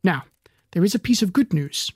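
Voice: mid-range voice, expressive, moderate pace, a little mellow, husky, dry recording. A narrator voicing a flustered, portly, bald older man who keeps the stars, talking in a fussy, polite way with fancy words.

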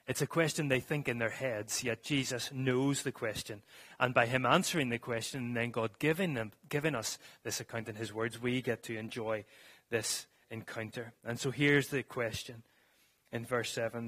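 A man's voice: mid-range voice, fairly bright tone. A man preaching a sermon to a congregation in a church, reading scripture and then explaining it earnestly, with some restarts.

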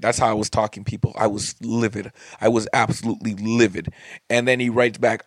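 A man's voice: lowish voice, level tone, a little fast, no room sound, studio quality. A man, a comedian hosting his own podcast, telling a story as a profane, heated rant whose voice climbs when he gets worked up. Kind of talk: profane ranting monologue.

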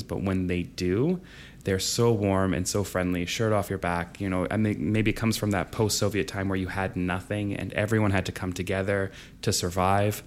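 A young man from Canada who teaches drama, talking casually in an interview, relaxed and chatty with frequent laughs. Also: low-pitched, slight background noise. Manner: relaxed and chatty, laughs often, acts out quoted voices.

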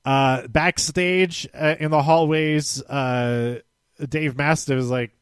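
A man recaps casually in a slightly higher-than-usual voice, circling back and fixing his own words with a chuckle here and there. The sound is dry and close. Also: fairly even intonation, takes it slowly, clean tone, no room sound. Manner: rambling, self-correcting, chuckling. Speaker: show recap host.

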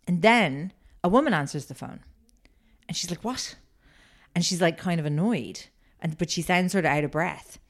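A woman's voice: fairly low pitch, moderate pace. A woman co-hosting a podcast, telling a story in a rambling casual way with many fillers. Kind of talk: casual chat.

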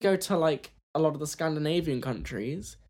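A woman's voice: deep voice, lively intonation, moderate pace, dark tone. A woman guesting on a podcast, chatting casually in a rambling, giggly way with many restarts. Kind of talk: casual chat.

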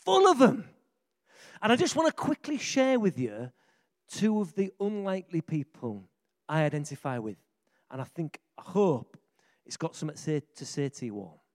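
A man preaching, telling stories in an excitable, jokey way. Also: a little high, normal speed. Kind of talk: lively sermon storytelling.

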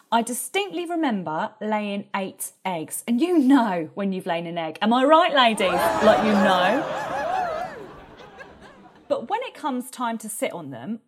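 A woman voicing a vain, boastful mother duck who chats in a lowered voice.

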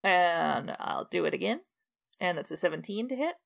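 A woman's voice: lowish voice, big pitch swings, moderate pace, gravelly. A woman playing a tabletop game, chatty and giggly. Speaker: player. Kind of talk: casual tabletop game play.

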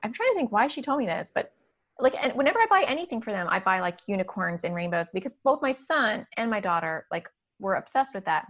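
A woman's voice: mid-range voice, sing-song, quick pace, fairly bright tone. A woman in her thirties hosting a casual podcast conversation, chatty and upbeat, with plenty of fillers and laughter. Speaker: podcast host and community organizer.

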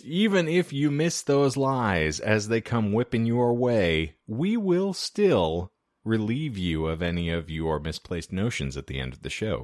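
A man hosting a comedy podcast, joking crudely and explaining the show in casual chat. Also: deep voice. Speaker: podcast host.

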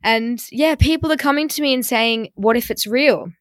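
A woman's voice: a little high, normal speed, no echo. A woman, co-hosting a podcast and telling a funny story in a dry, self-mocking way. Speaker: podcast co-host. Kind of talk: casual storytelling chat.

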